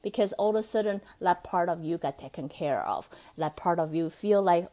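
A woman's voice: fairly low pitch, moderate pace, few pauses, mellow. A woman hosting a solo self-help podcast, talking in a chatty, coaxing way and often checking in with "right?". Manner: laughs between thoughts. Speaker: podcast host.

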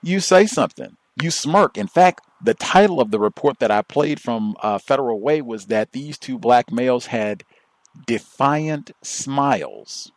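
A man hosting a call-in radio show who speaks in a measured, emphatic way and slows down to stress key words. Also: medium pitch, lively intonation, a little mellow, no room sound.

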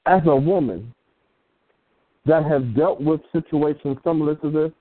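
A man co-hosting an internet radio show, talking in a deliberate, measured and emphatic way. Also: on the high side, dry recording. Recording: tinny phone-like line.

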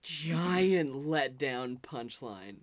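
A woman co-hosting a podcast in casual chat from a garage, teasing and quick to laugh. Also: very deep voice, animated, a crowd in the background. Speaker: podcast co-host.

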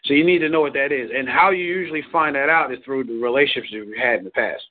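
A man's voice: mid-range voice, fast talker. A man giving casual relationship advice, rambling, repeating words and laughing often. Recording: tinny phone line.

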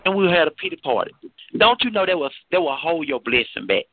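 A man's voice: fairly high pitch, big pitch swings, fast talker, husky, no echo. A man preaching fervently to a phone chat line, repeating and restarting his phrases, heard over a tinny phone connection. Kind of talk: informal preaching testimony.

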